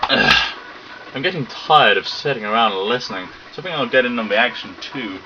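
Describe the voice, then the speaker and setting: A man's voice: mid-range voice, normal speed, lightly acted. A man doing a put-on accent while voicing a brash young male student who challenges others. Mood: challenging. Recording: dull lo-fi recording with steady noise.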